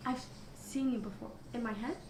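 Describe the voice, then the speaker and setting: A woman's voice: on the high side, steady tone, moderate pace, dark tone, echoey room, slight background noise, low-quality recording. A woman playing a tabletop role-playing game in a coy, mysterious way. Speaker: player.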